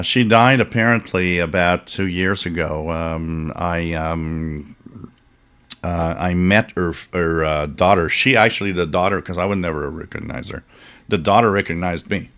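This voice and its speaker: A man's voice: sits low, a bit bright. A man hosting a live stream, telling rambling stories with chuckles and fillers and reading out viewer comments. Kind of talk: casual chat.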